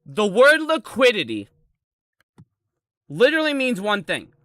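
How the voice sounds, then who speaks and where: A man in his thirties rants on a live stream, swearing constantly, his voice high and swinging wildly up and down. The tone is bright and edgy. The sound is dry and close. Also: huge pitch swings, unhurried, no room sound. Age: 30s. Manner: angry, profane, ranting.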